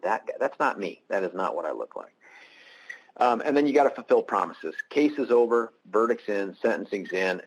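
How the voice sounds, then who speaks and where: A man's voice: deep voice, husky, rough recording. A man, a prosecutor, giving a webinar presentation over a computer mic, candid and anecdotal with self-deprecating humor.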